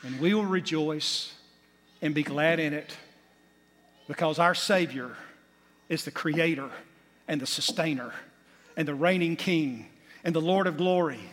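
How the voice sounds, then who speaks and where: Preaching at a measured pace with frequent pauses, a male pastor uses a high, fairly bright voice to press his points with rising emphasis and folksy asides. A long reverb carries his sermon across the church sanctuary.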